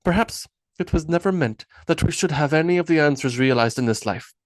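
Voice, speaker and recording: Guy doing earnest young viking thinking out loud, bit higher voice, dry read. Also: animated, a little fast, dry recording, close to an everyday voice. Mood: musing. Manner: earnest, musing. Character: young thoughtful Viking warrior man.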